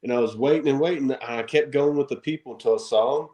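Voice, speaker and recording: A man chatting on a wrestling podcast, recounting his crude heel antics with easy laughter. His voice sits at an ordinary mid pitch, and his delivery is loose and filled with likes and uhs. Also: quick pace, warm tone, roomy sound. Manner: boastful, laughing, filler-heavy. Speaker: wrestling guest. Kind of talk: casual storytelling interview.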